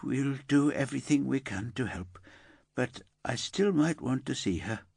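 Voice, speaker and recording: A man puts on a heartbroken mother for a crime audiobook. She pleads through tears, her voice lifted high above his own natural register. The recording is dry and close. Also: animated, a little slow, creaky, a little mellow, slightly rough, no echo, full character voice. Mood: anguished pleading. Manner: tearful, pleading. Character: grieving mother, middle-aged woman, distraught.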